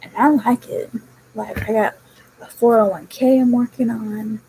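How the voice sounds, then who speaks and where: A young woman talks slowly and casually to the camera, rambling through a chatty story. Her voice sits a little high and sounds dark and mellow. A faint hum runs behind her. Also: fairly even intonation, rough recording. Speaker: vlogger. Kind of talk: casual chat.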